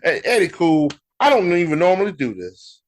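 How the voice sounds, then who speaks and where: An American man co-hosting a sports podcast, talking in a casual, animated way with laughter and mock exasperation. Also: on the high side, normal speed. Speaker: podcast co-host.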